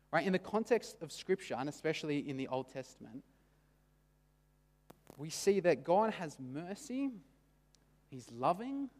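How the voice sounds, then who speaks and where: Brief: male preacher, conversational sermon, higher pitch, long hall echo. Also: darkish tone. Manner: casual, frequent "right?" and "kind of" asides. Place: church. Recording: long church hall reverb.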